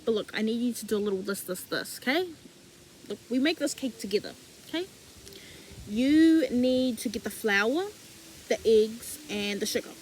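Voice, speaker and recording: A woman's voice: fairly high pitch, animated, moderate pace, a little mellow, a little hiss or hum, natural voice, low-quality recording. A young woman voicing a generous, coaxing male God figure in a casual, encouraging way.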